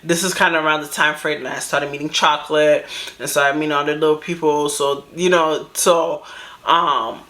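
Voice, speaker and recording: A young woman chatting casually through a personal storytime, animated and swearing freely, with laughter in her voice. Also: deep voice, normal speed. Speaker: vlogger telling a story.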